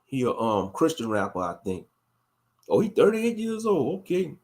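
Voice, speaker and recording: A man's voice: mid-range voice, huge pitch swings, normal speed, darkish tone. A man in his late thirties hosting a casual commentary monologue, thinking aloud and turning preachy. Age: late 30s. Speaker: host.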